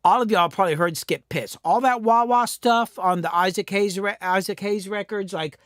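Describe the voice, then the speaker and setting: A man with a high, light voice hosts a casual live stream about music production. He talks in a rambling, profane way, stops and restarts his sentences, and sounds close and dry in his home studio. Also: normal speed, a bit bright, no room sound. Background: cats in the room.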